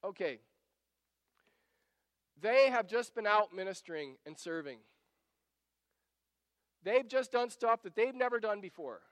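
A man's voice: high voice, expressive, unhurried, long pauses, fairly bright tone, no echo, long reverb tail. A man preaching a sermon, reading scripture aloud and acting out the disciples' pleas in varied voices. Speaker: pastor. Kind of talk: expository sermon.

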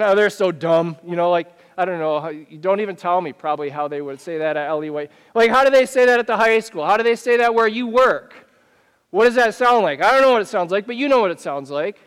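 A man preaching a sermon as pastor, talking in a conversational, animated way with many questions to the listeners. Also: high voice, clean tone. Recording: long reverb of a church hall.

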